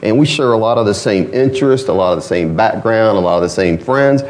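A man's voice: fairly low pitch, animated, fairly quick, darkish tone. A man with a northern US accent preaching a sermon in a folksy, conversational way with frequent asides to the congregation.

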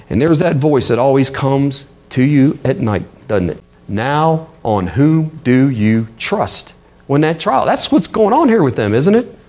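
A man preaching a sermon, his voice sitting a little high. He talks to the congregation in a conversational way and keeps throwing rhetorical questions at them. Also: darkish tone. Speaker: pastor.

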